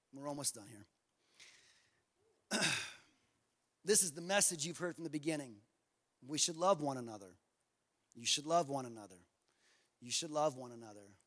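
A man preaching a passionate sermon as pastor, repeating phrases and building to shouts. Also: high voice, big-room sound. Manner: passionate, repetitive, rising to shouts.

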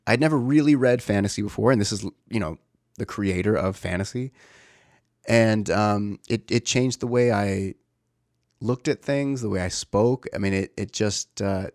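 Man, thirties, low voice, dry close sound, rambling, reflective, casual talk. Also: gravelly, darkish tone, no echo. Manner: rambling, reflective, many fillers and restarts. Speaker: father.

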